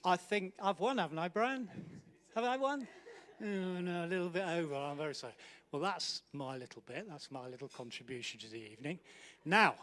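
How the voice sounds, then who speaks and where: High-voiced man teasing guests, emcee. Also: fairly quick, a bit bright. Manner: joking, teasing guests by name. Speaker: awards night host. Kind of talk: live emcee banter while walking between tables. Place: large indoor banquet hall.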